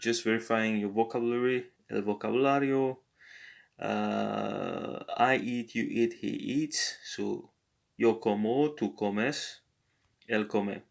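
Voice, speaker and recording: A man tutoring a language lesson, talking slowly and hesitantly with many filler pauses. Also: fairly low pitch, vocal fry. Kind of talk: screen-recorded app language lesson.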